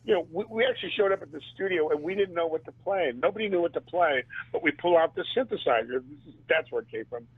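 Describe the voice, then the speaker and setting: A man, a band drummer and interview guest, telling stories in a casual and animated way and laughing often. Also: fairly high pitch, fast talker, hardly any pauses, breathy edge, dry recording. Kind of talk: casual storytelling. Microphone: phone. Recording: tinny phone line.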